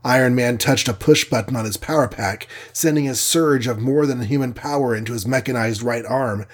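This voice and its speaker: A man reads a superhero storybook aloud in a steady, measured way. His voice is husky and sits at a middle pitch, with plain scripted narration. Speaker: audiobook narrator.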